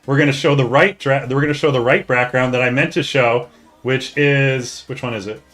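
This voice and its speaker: A streamer hosting a hockey league draft talks directly to his chat, joking and excitable with the occasional swear. His mid-range voice is bright and forward at a moderate pace, over faint background music.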